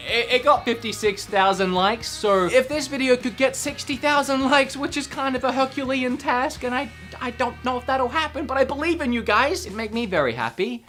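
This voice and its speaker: A man presenting an upbeat video game review, chatty and self-mocking, quick to laugh. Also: very high voice, bright, forceful tone.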